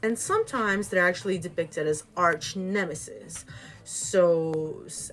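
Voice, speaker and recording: A woman retells a folk tale in a loose, chatty way, wandering off on asides. Her voice is lively, rising and falling a lot. Her tone is casual and conversational. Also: fairly low pitch. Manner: chatty, digressive, asks "right?". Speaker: storyteller.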